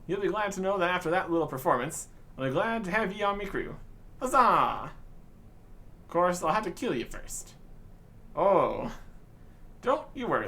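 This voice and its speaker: A man voicing a rowdy undead male pirate captain from a fantasy game, talking gruff pirate talk and calling the hero lad. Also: on the high side, pushed and bright, heavily acted.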